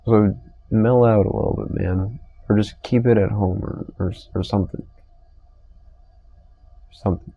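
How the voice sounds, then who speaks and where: A man's voice: on the low side, steady tone, moderate pace, pauses often, husky, phone-quality sound, faint music behind. A young man hosting a casual solo podcast, rambling and swearing in an exasperated rant about strangers. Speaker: podcast host. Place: store receiving area.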